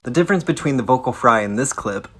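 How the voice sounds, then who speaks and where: A man speaking with vocal fry in a blunt, casual educational explainer, swearing now and then. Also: medium pitch, expressive, fast, a bit bright, faint music behind. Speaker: science video creator.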